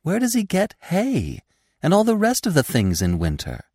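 A man's voice: mid-range voice, sing-song, normal speed, darkish tone, dry recording, studio quality, pitched above the performer's own voice. A man voicing a curious, eager young female deer full of questions.

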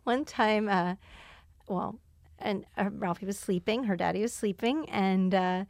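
A woman in her thirties hosts a relaxed chat, animated and quick to giggle. Her voice has a slight gravelly fry. The recording is close and dry. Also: medium pitch, no room sound. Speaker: podcast host. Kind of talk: casual chat.

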